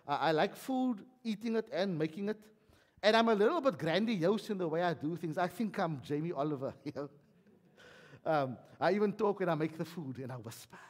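A South African man delivers a sermon, chatty and funny, in a fairly high voice. His pitch swings widely as he preaches. The voice rings with the long reverb of a hall. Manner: animated, conversational preaching with humor. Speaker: pastor.

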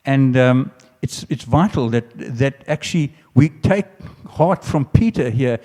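A man's voice: medium pitch, expressive, a little slow, few pauses, mellow. Earnest preacher man in a reverberant hall. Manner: earnest, with restarts, builds to emphatic quoted lines. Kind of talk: sermon.

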